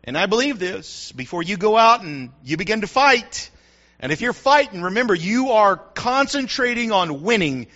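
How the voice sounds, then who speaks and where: A man's voice: sits high, very animated, normal speed, a bit bright. A middle-aged man, a pastor, preaching a sermon with call-and-response asides to the congregation. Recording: dull lo-fi sound.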